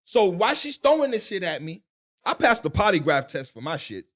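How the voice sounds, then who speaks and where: A man's voice: high-pitched, a little fast. A man telling his story as a guest in a casual interview, with profanity and voices he imitates. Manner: animated, profane storytelling with mimicked voices and shouting.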